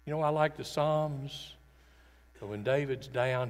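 A man preaching a sermon, earnest and emphatic, swinging between loud declarations and quiet, intimate passages. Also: mid-range voice, fairly even intonation, unhurried. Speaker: pastor. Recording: long reverb of a large hall.

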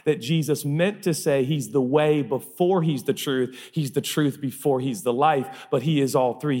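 A man's voice: medium pitch, normal speed, few pauses, dark tone. A man preaching a sermon as pastor, emphatic and repeating phrases for effect, in a large church hall. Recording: long reverb of a large hall.

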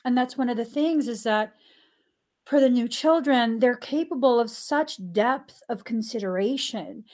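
A woman hosting a spiritual podcast, talking earnestly and candidly with thoughtful pauses. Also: on the high side, darkish tone. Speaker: podcast host. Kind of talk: reflective spiritual podcast talk.

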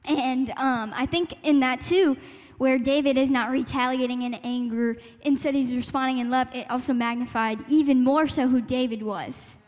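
A woman's voice: high-pitched, fairly even intonation, moderate pace, few pauses, darkish tone. A woman sharing a personal story at a church youth gathering, earnest and reflective, with light laughs and searching fillers. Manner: reflective, laughs lightly, talks through her thoughts with fillers. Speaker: panel speaker sharing a testimony. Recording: echoey hall reverb.

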